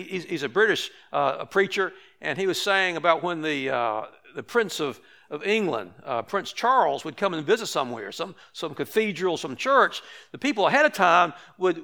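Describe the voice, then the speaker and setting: A male pastor delivers a conversational sermon. His voice sits high and bright. He talks with frequent restarts and asides. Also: gravelly.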